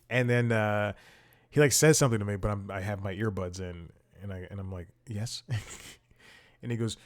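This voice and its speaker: A man hosting a comedy podcast. He talks in a casual, rambling monologue, mocks himself, and chuckles between sentences. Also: lowish voice.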